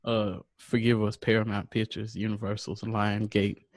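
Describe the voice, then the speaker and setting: A man's voice: lowish voice, flat delivery, normal speed, dry recording. A man hosting a podcast in casual chat, laughing often and putting questions to his co-hosts. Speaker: podcast host.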